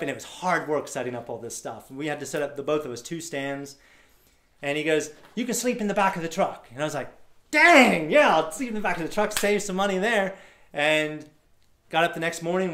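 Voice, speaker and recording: A man telling a personal story to a live audience, acting out the voices of others and laughing often. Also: a little high. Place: event hall before a live audience.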